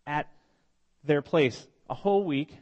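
A man's voice: a little high, slow pace, darkish tone, muffled recording. A man preaching a sermon to his congregation, telling stories in a conversational, heartfelt way with many restarts, while he has a cold. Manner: conversational, emotional storytelling with frequent restarts. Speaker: pastor. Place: church congregation meeting in a school.

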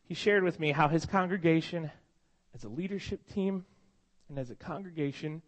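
A pastor with a cold preaches to his congregation, which meets in a school, sharing stories in a heartfelt, conversational way and restarting often. His voice is slightly high and his pace moderate.

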